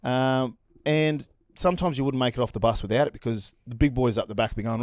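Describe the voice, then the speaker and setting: A man, co-hosting a casual chat, telling a quick jokey story. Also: medium pitch, a little mellow, dry recording.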